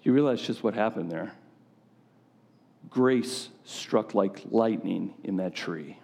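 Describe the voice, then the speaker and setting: A man's voice: lowish voice, slow pace, creaky, darkish tone. A man preaching a sermon to a gathering of men in a conversational style, often putting questions directly to his listeners.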